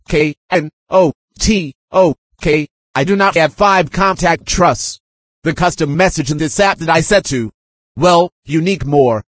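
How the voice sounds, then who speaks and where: Man, husky and fairly high, reads a message aloud dictation-style, spelling names and calling out punctuation, insistent and aggrieved. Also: a bit bright, dry recording. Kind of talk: reading a written message aloud.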